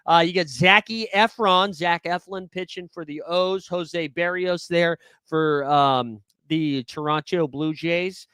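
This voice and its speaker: A man's voice: on the high side, slow, hardly any pauses, bright, forceful tone, smooth, dry recording, studio quality. Casual rambling man hosting a live stream. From New England. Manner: casual, rambling, jokey with filler words. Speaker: fantasy sports host.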